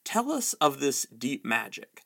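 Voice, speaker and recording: Grave lion king, read by a man, solemn and measured, slight gravel. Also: medium pitch, huge pitch swings, sharp tone, full character voice.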